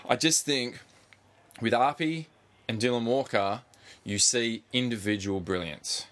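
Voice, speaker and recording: A man co-hosting a casual sports podcast, animated, swearing freely and pushing on through interruptions. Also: medium pitch, unhurried. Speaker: podcast co-host.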